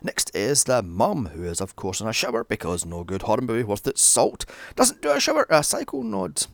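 A British man narrating a sweary, comedic movie recap, his voice swooping wildly up and down with a gravelly rasp at the bottom. He wanders into sarcastic asides, and the sound is dry and close. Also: lowish voice, wildly swooping pitch, brisk, dry recording. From Britain. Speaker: film reviewer.

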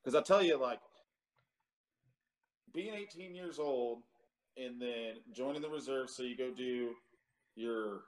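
A man's voice: mid-range voice, slow, long pauses. A man in his thirties, a Marine veteran, telling his story in a casual interview with many fillers and some cursing.

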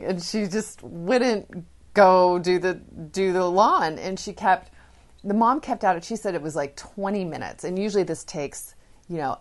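A woman parenting educator chatting casually, retelling stories with fillers. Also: low voice. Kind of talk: casual storytelling talk.

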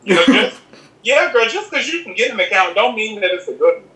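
Man, high bright voice, sassy chat guest, echoey room, off-mic. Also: a little fast, recorded from a distance. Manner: sassy, animated, calls the listener "girl". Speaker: interview guest. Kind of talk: casual interview chat. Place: home in Los Angeles.

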